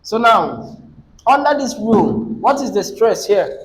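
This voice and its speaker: A man's voice: sits high, big pitch swings, measured pace, slight background noise, low-quality recording. A man teaching an English lesson, asking the class questions and repeating key phrases.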